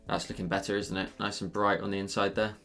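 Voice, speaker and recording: A man's voice: fairly low pitch, flat delivery, fast, a bit bright. A man with a Scottish accent who livestreams digital painting, explaining his steps and chatting and joking with viewers as he works. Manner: chatty, joking, answers viewers' questions while working. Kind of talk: live digital painting tutorial with chat banter. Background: faint background music.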